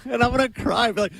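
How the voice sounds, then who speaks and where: A man's voice: very high voice, vocal fry, a bit bright, dry recording, poor audio. A young man co-hosting a radio show, rambling in an awkward, self-deprecating way with many restarts. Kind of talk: casual on-air banter.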